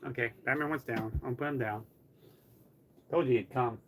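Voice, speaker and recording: A man's voice: medium pitch, moderate pace, a little hiss or hum. A man live streaming from home, chatting casually in a rambling way full of "like". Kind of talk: casual chat.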